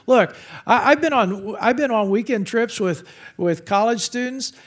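A middle-aged man preaching a sermon to college students, animated and jokey, slipping into funny voices for the people he mocks. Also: extremely high pitch, measured pace. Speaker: campus pastor.

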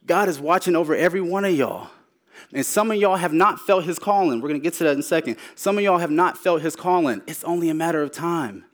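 A man preaching a personal testimony in a sermon. He repeats phrases for emphasis, rising to urgent, louder lines and then dropping to hushed ones. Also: fairly high pitch, quick pace. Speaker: speaker sharing his testimony.

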